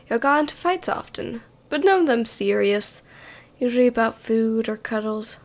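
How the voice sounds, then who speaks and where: A woman narrates in a whispered role-play, speaking to the listener as "you". Her hushed voice sits a bit high and carries a gravelly fry. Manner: hushed second-person narration. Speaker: storyteller.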